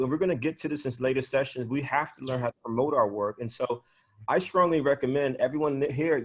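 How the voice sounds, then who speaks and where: A man's voice: mid-range voice, slightly rough. A man with a New York accent runs a writing workshop over a video call. He talks plainly and encouragingly, addressing the group as fellow writers. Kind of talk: teaching a workshop class.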